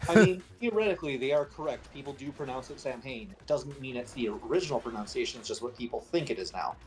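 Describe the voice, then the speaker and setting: A man's voice: medium pitch, lively intonation, quick pace, crowd noise. A man co-hosting a casual stream chat, speaking frankly and easily to the viewers. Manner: easygoing, frank, addresses viewers directly.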